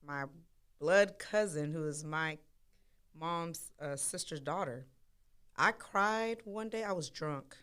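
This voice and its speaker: Low, smooth-voiced Texan woman. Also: takes it slowly. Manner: candid, animated storytelling with slang. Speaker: podcast co-host. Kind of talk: casual chat.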